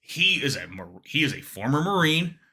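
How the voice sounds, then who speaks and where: A man, a comedian guest on a podcast, telling a story in an animated, restless way with quick restarts. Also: a little high.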